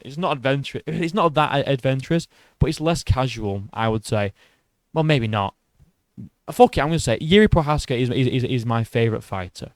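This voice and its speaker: A man's voice: medium pitch, a little mellow, no room sound. A man hosting an MMA video who rants in a casual, profane and sarcastic way. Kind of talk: casual opinion rant.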